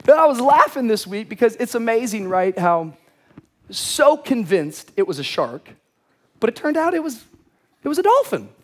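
A young man preaching a lively sermon to a church crowd, telling a funny story and acting out shouted lines. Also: very high-pitched, normal speed. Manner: lively, animated, acts out shouted quotes. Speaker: pastor. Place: large church auditorium.

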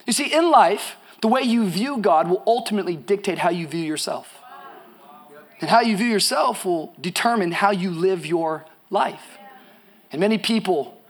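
A man with a high voice preaching a sermon at a church service. He tells stories quietly and then rises to ringing, shouted declarations, with big swings in loudness across his delivery. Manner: animated preaching, swinging between shouts and soft storytelling. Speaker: pastor.

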